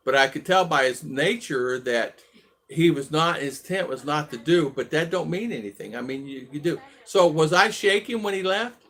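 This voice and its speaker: A man's voice: on the high side, lively intonation, normal speed, fairly bright tone. A man in his sixties casually telling a personal story on his vlog, rambling and restarting his sentences. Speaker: vlog host.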